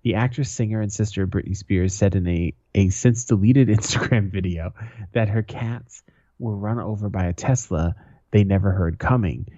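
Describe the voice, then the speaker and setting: A man co-hosting a podcast in casual banter, profane and animated, telling stories with laughs. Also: lowish voice, moderate pace, no echo, dull audio. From Boston area. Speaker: podcast co-host.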